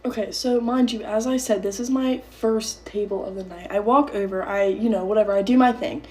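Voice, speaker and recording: A woman's voice: medium pitch, a little fast, mellow, a little hiss or hum. A seventeen-year-old girl telling a heated story in a casual get-ready-with-me video, swearing often and restarting her sentences. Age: teens.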